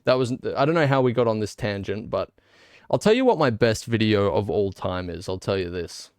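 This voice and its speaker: A man's voice: fairly low pitch, expressive, a little fast, clean tone, no room sound, studio quality. Australian man rambling during a game stream. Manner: rambling, joking, mock-indignant asides. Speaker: gaming streamer. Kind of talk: casual live-stream chat while playing.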